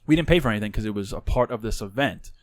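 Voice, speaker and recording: A man telling a story on a podcast, animated and profane, with much swearing. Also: lowish voice, rapid-fire, no echo, studio quality. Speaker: podcast co-host. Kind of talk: casual storytelling chat.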